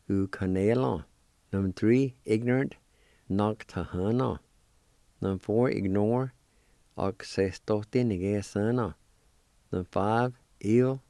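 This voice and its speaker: A man with a low, mellow voice works through a radio language lesson, spelling each word out one letter at a time. He speaks in an unhurried, deliberate way and encourages his listeners. The sound is dry, with no room around it. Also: creaky, dry recording. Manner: encouraging and patient.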